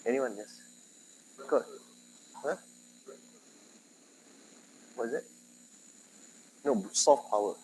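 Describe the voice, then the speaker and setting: A man with a Singaporean English accent tinged with Malay, giving a university lecture in a conversational way, questioning his students and often jumping in loudness and pitch. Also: extremely slow, pauses often, slight background noise, low-quality recording. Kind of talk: classroom lecture.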